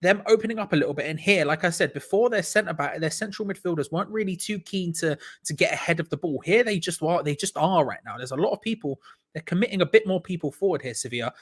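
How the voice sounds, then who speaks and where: This young streamer, whose voice is fast, slightly rough, and on the high side, hosts a live football watch-along. He reacts excitably, laughing frequently and saying things over again.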